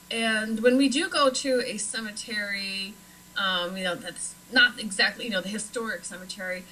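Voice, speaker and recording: A woman's voice: medium pitch, sharp tone, slight background noise, rough recording. A woman from Nebraska chatting casually as a guest, with frequent fillers. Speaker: paranormal investigator guest. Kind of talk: casual chat.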